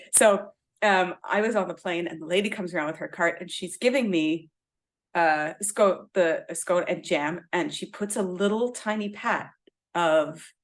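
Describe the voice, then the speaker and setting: A woman from Ireland, a guest author in casual podcast chat, telling rambling, animated stories and swearing freely. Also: lowish voice, a little slow.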